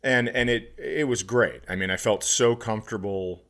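A comedian co-hosting a podcast, telling a story in casual chat with many restarts and sudden bursts of excitement. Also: male voice, fairly low pitch, moderate pace.

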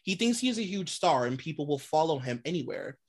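Low-pitched and husky, this woman talks fast as a podcast co-host in casual conversation. Her rants are blunt, animated and full of swearing, broken up by laughter.

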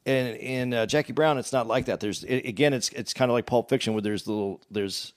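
A man co-hosting a casual podcast, his voice in a middle pitch. He speaks haltingly and restarts his sentences often. He works his point out at length, one piece at a time. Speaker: podcast co-host.

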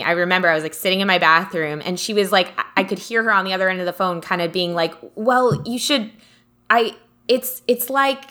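A woman co-hosting a podcast, telling a story in a casual, animated way. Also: on the low side. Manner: storytelling, animated when quoting. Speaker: podcast co-host. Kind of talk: casual chat.

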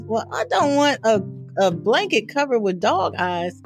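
A woman speaking as a therapist on a podcast, telling stories in a lively way and laughing often. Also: medium pitch, moderate pace, soft background music. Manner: animated storytelling with frequent laughter. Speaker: therapist guest. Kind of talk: podcast interview.

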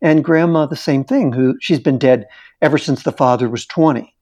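A man's voice: medium pitch, moderate pace, darkish tone, lo-fi sound. A middle-aged man, a therapist and interview guest, animatedly telling a case story and acting out the dialogue.

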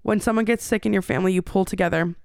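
A woman in her thirties hosts a podcast and tells a personal story rapid-fire, candid and rambling, with plenty of fillers and restarts. Her medium-pitched voice is steady and darkish with vocal fry, on a dry, studio-quality recording.

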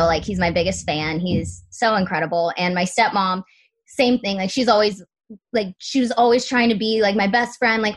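A woman's voice: medium pitch, fairly bright tone. A young adult woman speaking as a podcast guest in casual, candid chat, full of "like" fillers and the odd swear word.

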